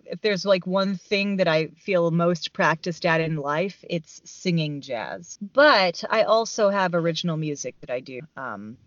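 A woman chatting casually as a guest singer on a podcast, playful and quick to laugh. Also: sits low, no room sound, lo-fi sound.

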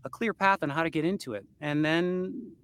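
A man's voice: fairly high pitch, normal speed, fairly bright tone, a little hiss or hum. A man who narrates audiobooks, talking casually as a guest in an interview, easygoing and laughing often.

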